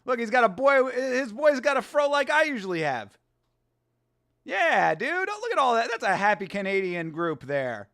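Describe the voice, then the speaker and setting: A man in his thirties hosting a casual watch-along, excitable, slangy and laughing often. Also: extremely high pitch, moderate pace. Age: 30s. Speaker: host.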